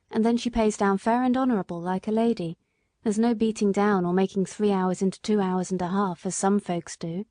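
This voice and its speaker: A woman's voice: mid-range voice, mellow, no echo, studio quality, close to an everyday voice. A woman reading an audiobook, voicing an earnest, humble working-class male cabman in a plain, respectful way.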